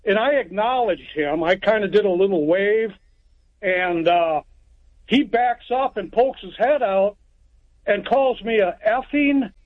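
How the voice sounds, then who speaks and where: A man's voice: high voice, lively intonation, a little slow, dry recording. A man from Texas calling into a radio show, telling a story in a plainspoken, rambling way. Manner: rambling, plainspoken, lots of restarts. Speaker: caller. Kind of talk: phone-in storytelling. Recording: tinny phone line.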